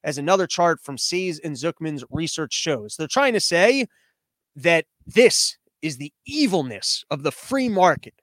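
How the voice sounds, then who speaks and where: High-voiced rambling sarcastic male podcaster. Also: a bit bright, no room sound. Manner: rambling, sarcastic, riffing with restarts. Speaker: podcast host. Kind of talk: casual comedic commentary. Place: home living room studio.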